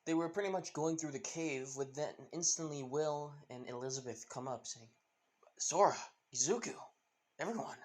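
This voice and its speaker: A man's voice: a little high, moderate pace, hardly any pauses, a little mellow, a little hiss or hum. A man casually retelling a fan story, rambling with many fillers and losing track of names.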